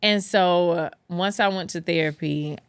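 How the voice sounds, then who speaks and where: A woman from Atlanta with a lowish voice talks candidly as a podcast guest. She tells her story in an animated way and acts out the voices of the people she quotes. The recording is close and dry. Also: a little slow, clean tone, dry recording. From Atlanta, USA. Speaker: guest, production manager.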